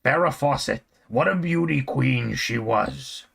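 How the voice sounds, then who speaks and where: A man voicing a brash middle-aged man, loud and leering in an old-fashioned drawl. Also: medium pitch, measured pace, gravelly, breathy edge, full character voice.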